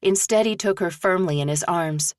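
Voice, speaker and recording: A woman narrating an audiobook in a measured storytelling manner, close to the mic. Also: fairly low pitch, no echo. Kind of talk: scripted narration.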